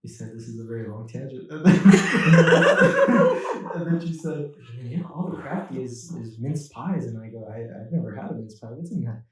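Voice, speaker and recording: A man's voice: medium pitch, wildly swooping pitch, normal speed. A man co-hosting a casual comedy podcast, telling rambling stories with laughs and acted-out dialogue. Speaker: podcast co-host. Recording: very echoey room, far from the mic.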